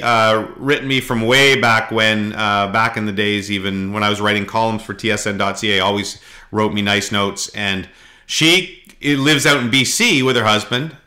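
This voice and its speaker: Bright-voiced man telling stories. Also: fairly low pitch. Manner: rambling storyteller, frequent halting fillers, does voices in anecdotes. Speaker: podcast host. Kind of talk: casual podcast chat.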